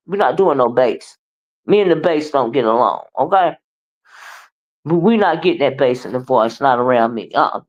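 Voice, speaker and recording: A woman's voice: fairly low pitch, lo-fi sound. A woman hosting a casual livestream, scolding and sassy, with repeated "okay?" and "child.". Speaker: livestream host.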